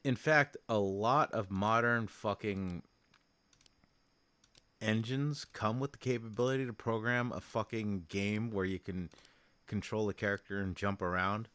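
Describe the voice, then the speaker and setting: A man's voice: fairly low pitch, fairly even intonation, unhurried, a bit bright, clear, resonant tone, no echo. A man streaming a game, ranting casually and exasperated, swearing a lot.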